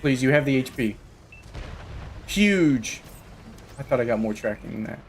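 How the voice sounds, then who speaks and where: A man's voice: medium pitch, animated, unhurried, long pauses, a little hiss or hum. A man giving live gameplay commentary while playing with teammates, ranting at them in a frustrated, profane way. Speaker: gamer playing online with teammates.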